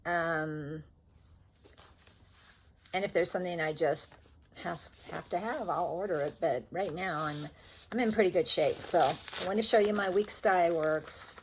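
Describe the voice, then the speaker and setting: An older woman with a lowish voice speaks a little slowly in a casual show-and-tell vlog about her stitching, filmed indoors at home with slight background noise. She rambles chattily, often correcting herself while showing off her threads.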